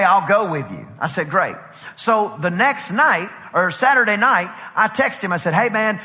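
A male pastor preaching at a conference, telling a lively story and acting out the dialogue. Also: high-pitched. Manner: animated, acts out dialogue with voices and laughs. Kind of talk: storytelling sermon. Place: large conference hall. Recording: long hall reverb.

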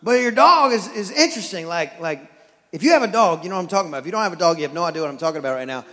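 A man from East Texas with an East Texas accent preaching a sermon as pastor, telling stories with animated, stammering restarts. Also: sits high, racing, big-room sound. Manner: animated storytelling with repeated restarts.

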